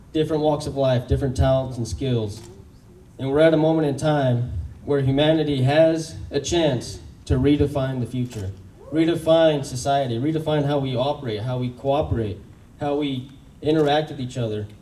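A man giving a hyped, rallying stage pitch and quizzing the crowd. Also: moderate pace, warm tone, distant mic, low-quality recording. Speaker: pitch presenter. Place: large event room in Austin.

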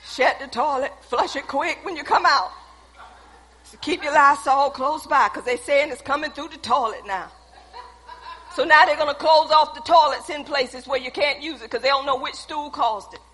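A woman's voice: high-pitched, normal speed, fairly bright tone. A woman preacher delivering a sermon in an emphatic, folksy way, repeating phrases for stress, in a church sanctuary. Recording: long echoey hall reverb.

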